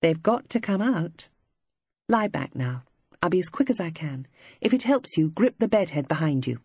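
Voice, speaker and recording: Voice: medium pitch, sing-song, normal speed, breathy edge, dry recording, clean studio sound. A reader voicing a young female wartime nurse who is earnest, kindly and coaxing. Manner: bright, coaxing, encouraging.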